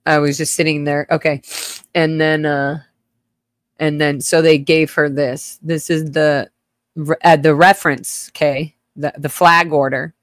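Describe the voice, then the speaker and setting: A woman hosting a livestream, telling her own childhood story in a halting, emotional way with blunt swearing and many restarts. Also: low-pitched, flat delivery, no room sound, clean studio sound. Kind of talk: casual personal storytelling.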